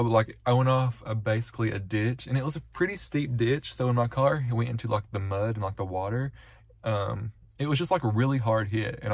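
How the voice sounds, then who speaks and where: A man's voice: fairly low pitch, no room sound. A young man vlogging casually from his car and the snowy roadside, rambling and swearing constantly. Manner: rambling, heavy swearing, lots of "like" and "y'all". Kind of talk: casual vlog to camera. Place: car and roadside in snow, then parked truck.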